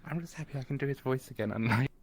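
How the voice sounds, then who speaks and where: A man of ordinary pitch banters casually with a friend between roleplay scenes. He laughs often and swears freely in his easygoing chat. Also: racing. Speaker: roleplay streamer.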